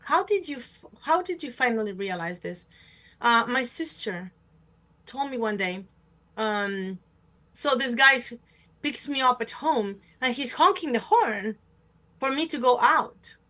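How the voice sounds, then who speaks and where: Slightly high-voiced woman talk show host. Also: animated, measured pace, pushed and bright. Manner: storytelling, acts out other people's voices. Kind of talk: casual talk show conversation.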